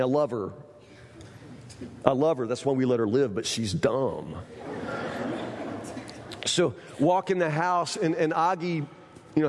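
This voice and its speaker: A man's voice: medium pitch, a little mellow. A man preaching a sermon, folksy and conversational, repeating his words as he talks to the congregation. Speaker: pastor. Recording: echoey hall.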